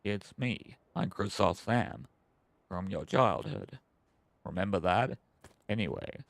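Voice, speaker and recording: A man imitating an old computer text-to-speech voice, in a slow, flat, robotic manner. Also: low-pitched, gravelly, dry recording, voice pushed down, full character voice.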